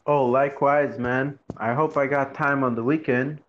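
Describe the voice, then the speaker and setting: A man's voice: mid-range voice, fairly even intonation. A man chatting casually with a friend, laid-back and heavy on fillers. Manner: laid-back, drawn-out speech with many fillers. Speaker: friend on a call. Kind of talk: casual chat. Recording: dull lo-fi sound with faint noise.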